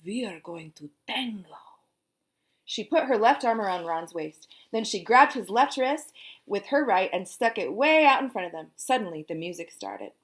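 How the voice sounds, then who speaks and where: A woman reading a children's chapter book aloud in a lively, animated way. Her voice sits at a middle pitch and swings widely up and down, and she hums the rhythmic sound effects herself. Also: moderate pace. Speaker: storyteller.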